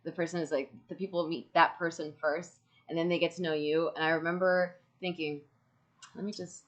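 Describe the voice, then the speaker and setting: A woman's voice: sits low, fairly quick. A woman hosting a casual video call from home, telling stories with laughs and the odd swear. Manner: animated storytelling with laughs and swearing. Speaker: streamer host. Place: home room with cats. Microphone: home streaming mic on a video call.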